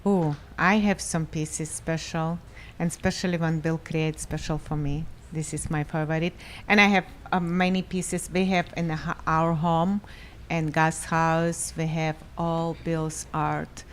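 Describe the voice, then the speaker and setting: Gallery co-owner, woman, deep flat voice, non-native phrasing, faint room noise. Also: a little slow. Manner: simple non-native phrasing, warm-hearted. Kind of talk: casual interview chat. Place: art gallery during a live event.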